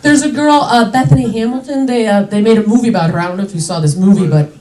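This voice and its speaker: A woman's voice: fairly high pitch, quick pace, warm tone, far from the mic. Indignant woman comic in an echoey club. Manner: chatty, indignant, frequent "like" fillers. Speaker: stand-up comedian. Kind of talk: stand-up comedy set. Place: comedy club stage.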